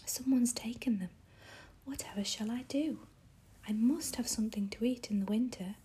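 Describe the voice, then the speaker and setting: A fretful male squirrel frets in a plaintive voice, as a woman whispers him. The whispered role-play is soft, mellow and heavily breathy. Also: on the high side, normal speed. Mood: distressed. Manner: worried, plaintive.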